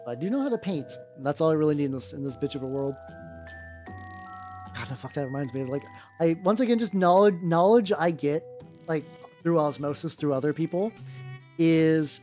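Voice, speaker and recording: A low-voiced woman streamer talks through a painting session with a lively, swooping delivery. She rambles and restarts constantly, swearing freely as she works. Soft music plays faintly underneath her voice. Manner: rambling, with many restarts and stumbles; swears casually. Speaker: VTuber streamer painting miniatures. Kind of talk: casual livestream chat while painting. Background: faint background music.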